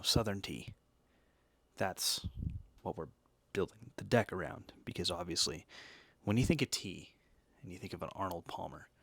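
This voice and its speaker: A man's voice: low voice, pushed and bright, no room sound. A man hosting a casual talk, chatty and jokey, full of asides and tag questions. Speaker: host reviewing energy drinks and decks. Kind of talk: casual chat.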